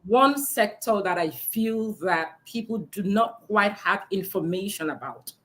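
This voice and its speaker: A woman's voice: medium pitch, lively intonation, unhurried, a bit bright. A woman hosting a virtual book launch interview over a video call, encouraging and laughing often. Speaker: host.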